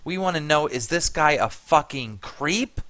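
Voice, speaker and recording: A man's voice: fairly high pitch, animated, a little slow, fairly bright tone, dry recording. Blunt male online interviewer. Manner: blunt, pushy questioning. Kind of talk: online interview over a call. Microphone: video call.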